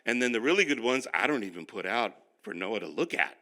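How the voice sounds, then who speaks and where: A man's voice: mid-range voice, expressive, fairly quick, bright, forceful tone. A male pastor teaching a class, who tells stories with self-mocking humor and speaks straight to the room. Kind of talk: humorous sermon-style teaching.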